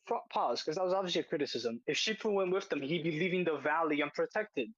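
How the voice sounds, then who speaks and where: A man's voice: fairly high pitch, quick pace, a bit bright, no room sound, lo-fi sound. A man hosting a casual podcast chat, arguing emphatically and repeating his points as he reacts to a video. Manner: argumentative, emphatic, repeats phrases. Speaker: podcast host.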